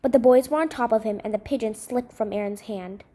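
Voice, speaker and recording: A woman reading a short story aloud in an expressive, dramatic way. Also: a little high, a little fast.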